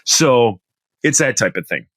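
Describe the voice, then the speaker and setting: A male podcast co-host chats casually, wandering off on tangents and laughing a lot. His medium-pitched voice swings widely in pitch at a measured pace, with a fairly bright tone and no room sound.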